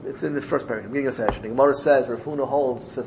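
A man's voice: mid-range voice, racing, noisy background. A man teaching a Torah class, earnest and repeating phrases for emphasis, mixing in Hebrew and Yiddish terms. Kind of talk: Talmud class.

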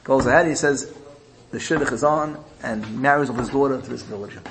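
A man's voice: medium pitch, fairly quick, a little hiss or hum, low-quality recording. A man giving a sermon, retelling a parable in a storytelling manner with repetition and rising emphasis. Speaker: religious speaker.

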